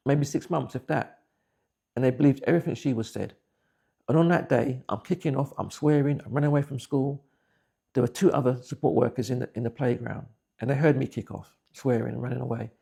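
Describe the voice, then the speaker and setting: A man's voice: mid-range voice, creaky, mellow, husky. A man, giving blunt, plain-spoken personal testimony. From England. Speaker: interviewee.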